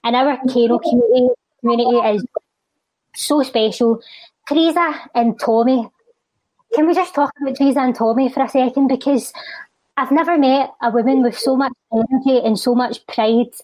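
A woman with a Scottish accent reciting a spoken word poem and chatting as a charity guest, rhythmic in recital and quick in conversation. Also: sits high, darkish tone, no room sound, poor audio.

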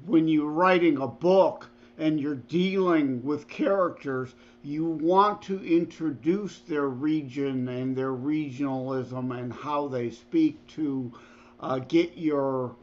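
A man's voice: a little high, takes it slowly, a little mellow, muffled recording. A man co-hosting a podcast, chatting casually and thoughtfully, often chuckling. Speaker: podcast co-host. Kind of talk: casual chat.

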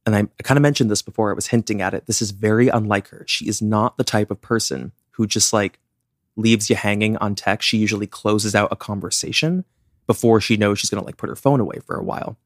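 Low-voiced young man recounting a case. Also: fast talker, dry recording, clean studio sound. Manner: chatty, many "like" fillers. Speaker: podcast co-host. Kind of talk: casual true-crime storytelling.

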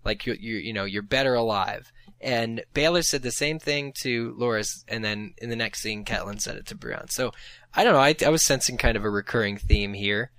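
A man's voice: mid-range voice, brisk, fairly bright tone, dry recording. A man chatting casually on a podcast with a mid-range voice. He rambles and restarts his thoughts as he talks, and the recording is dry and close. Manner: rambling, thinks aloud, frequent restarts. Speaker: podcast co-host. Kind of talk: casual chat.

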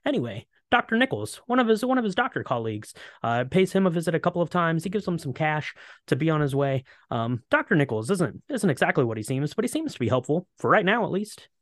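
A man co-hosting a casual podcast, recapping a film plot in a relaxed way with many ums. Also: fairly high pitch, fast, no echo, clean studio sound. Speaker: podcast co-host.

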